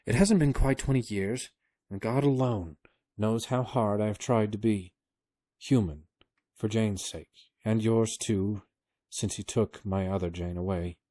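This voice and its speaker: A man's voice: lowish voice, unhurried, warm tone, no room sound, studio quality. A man voicing a fussy, absent-minded old male professor who mutters stock phrases in a raised, flustered voice. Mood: earnest.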